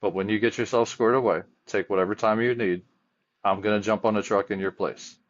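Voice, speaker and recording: Male firefighter-chaplain guest, very low voice, earnest rambling storyteller, muffled lo-fi audio. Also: fairly even intonation, a little fast. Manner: earnest storyteller with frequent restarts. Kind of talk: casual podcast conversation. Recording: dull lo-fi audio.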